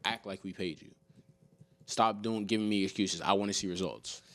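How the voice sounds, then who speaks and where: Animated, ranting man on a sports podcast. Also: on the low side, moderate pace, no room sound. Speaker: podcast co-host. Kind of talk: casual sports chat.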